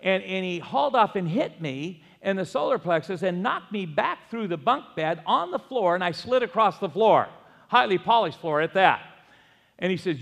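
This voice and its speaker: An older male pastor delivers a sermon in a high, gravelly voice. He mixes scripture with folksy, self-mocking stories, and his words ring out with the long reverb of a church hall. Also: animated, moderate pace, fairly bright tone. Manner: folksy storytelling, self-deprecating humor. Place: church sanctuary.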